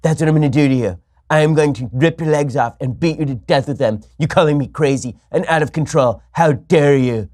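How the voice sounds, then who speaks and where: A man's voice: fairly high pitch, fairly quick, a little mellow, natural voice. A man doing a blustering, furious president who hurls wild, over-the-top threats. The bit is a comic rant.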